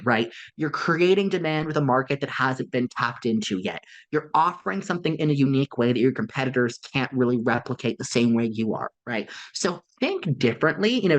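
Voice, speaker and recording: Lively man coaching through a webinar. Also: fairly high pitch. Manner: coaching tone with frequent "right?" tag questions; lively, conversational. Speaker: marketing consultant. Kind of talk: live webinar presentation.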